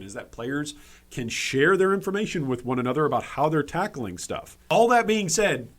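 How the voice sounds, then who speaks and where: A man's voice: fairly high pitch, a bit bright. A man hosting a gaming commentary video, speaking emphatically and repeating key points for stress, with frequent restarts and fillers.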